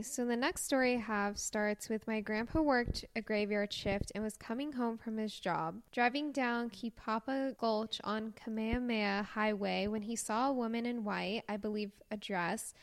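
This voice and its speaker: An excitable woman with a slightly higher voice reads listener-submitted ghost stories on a podcast. She gasps and exclaims as she goes and drops into chatty asides. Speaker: podcast co-host. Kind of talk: casual chat, reading listener stories aloud.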